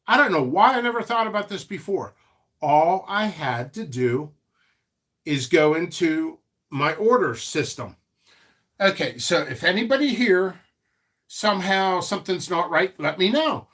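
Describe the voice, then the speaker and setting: A man hosting a casual live stream about his seed business, rambling and animated, with frequent restarts and asides. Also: high-pitched, unhurried.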